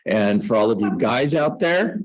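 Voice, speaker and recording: A man's voice: mid-range voice, big pitch swings, measured pace, a little mellow, low-quality recording. A middle-aged man coaching real estate agents, teaching a class on a book in a conversational way, with self-mocking jokes.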